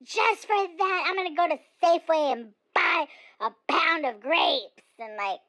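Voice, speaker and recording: Someone playing an opinionated older woman, high-pitched, rambling with fillers. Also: unhurried, bright, forceful tone, full character voice, rough recording. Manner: chatty, digressive, many fillers. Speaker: comedic character monologue.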